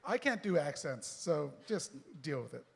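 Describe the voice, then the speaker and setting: A man reading his own story live on stage into a mic, with quick joking asides to the audience. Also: a little high, big pitch swings, vocal fry, breathy edge. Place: stage in a performance venue. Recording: long reverb in a performance hall.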